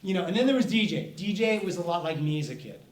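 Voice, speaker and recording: A man's voice: sits high, animated, fast. A middle-aged man, an author, giving a playful, storytelling presentation to children at a festival. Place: festival event room. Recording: echoey room, speaker far from mic, faint noise.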